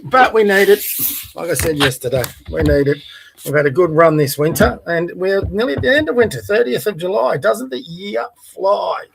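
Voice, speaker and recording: A man's voice: high-pitched, vocal fry. A man hosting a conservative livestream podcast near the bay, chatting casually with many fillers and reading a Bible passage aloud. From Australia. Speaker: podcast host. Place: Melbourne, by the bay.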